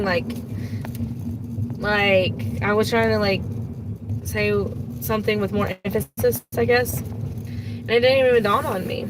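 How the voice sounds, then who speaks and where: A woman's voice: medium pitch, steady tone, slow, long pauses, background noise. A woman from Kansas chatting on a live stream, rambling with plenty of "like" and "um". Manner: rambling, lots of "like" and "um". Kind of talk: casual chat.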